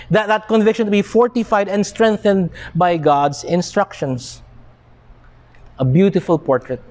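A man with a Filipino accent preaching a sermon, deliberate and emphatic, now and then switching into Tagalog. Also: sits high. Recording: long hall reverb.

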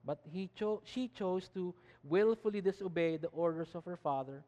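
High-voiced pastor preaching. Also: male voice, moderate pace, dark tone. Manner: emphatic preaching with frequent restarts. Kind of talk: sermon. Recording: long reverb of a hall.

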